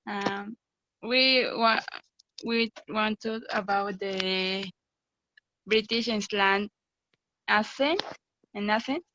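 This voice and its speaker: A young woman, a native Spanish speaker, gives a halting class presentation in English, with many fillers. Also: mid-range voice, sharp tone, muffled recording. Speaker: student presenter.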